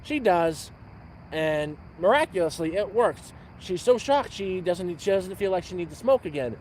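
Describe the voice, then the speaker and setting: A man telling a dirty joke on a livestream at an outdoor campfire, rambling and repeating words, with loud sound effects. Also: high voice, lively intonation, moderate pace, a little hiss or hum. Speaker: livestream host.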